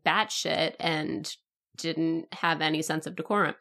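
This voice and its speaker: A woman co-hosting a casual podcast, going off on animated, rambling tangents and laughing often. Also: low-pitched, unhurried, vocal fry. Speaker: co-host.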